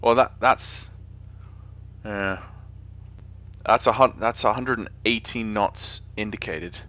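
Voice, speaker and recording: This English flight sim streamer rambles through a relaxed live chat, frequently fixing what he's just said. He speaks slowly in a lower register, his voice pushed and bright.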